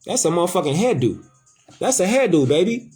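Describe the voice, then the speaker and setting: A man's voice: high voice, sing-song, fairly quick, over music. A man hosting a casual talk, speaking emphatically and with swearing, repeating his points. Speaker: host. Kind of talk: casual conversation, preachy.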